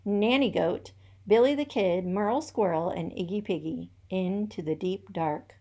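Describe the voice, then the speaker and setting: A woman teacher reading a children's picture book aloud with lively, rhythmic storytelling. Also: medium pitch, a little slow.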